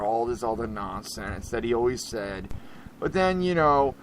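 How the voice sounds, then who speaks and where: A man hosting an internet radio show in casual talk, rambling and animated, laughing often and swinging between loud bursts and hushed asides. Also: mid-range voice, unhurried, a little hiss or hum, low-quality recording.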